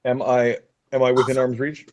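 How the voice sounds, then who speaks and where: A man at a tabletop game, quick and excited. He swears casually, at a middling pitch for a man. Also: noisy background. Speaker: player.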